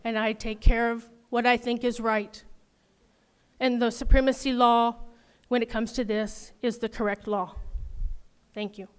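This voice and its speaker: A woman with a high voice speaks out with fiery passion at a city council podium. She drives her points home again and again, her voice rising as she presses on. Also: little pitch movement, a little slow, pauses often, clean tone. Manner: heated, passionate, repetitive. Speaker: public commenter. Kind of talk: public comment at a council meeting.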